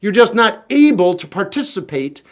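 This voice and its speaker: A man's voice: high-pitched, big pitch swings, moderate pace. A man in his forties from South Florida, casually chatting and answering viewers' questions on a music livestream, wry and laid-back.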